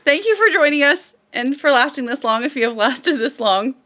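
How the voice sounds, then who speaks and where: A woman's voice: high voice, lively intonation, moderate pace, sharp tone. A tired woman, the game master, signing off a late-night tabletop stream in a rambling, laughing way. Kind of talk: casual stream sign-off.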